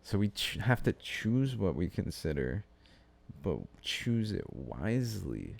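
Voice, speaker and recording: Slow, gravelly-voiced man musing aloud. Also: low-pitched, very animated. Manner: meandering, self-interrupting, swears casually. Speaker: podcast host. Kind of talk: rambling solo podcast musing. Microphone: studio-style podcast mic.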